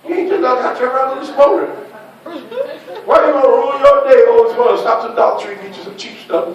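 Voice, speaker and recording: A man preaching a lively sermon as pastor, calling out to the congregation and laughing between points. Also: very high voice, fast, heavy reverb, far from the mic, dull audio. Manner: preaching with call-and-response and laughter.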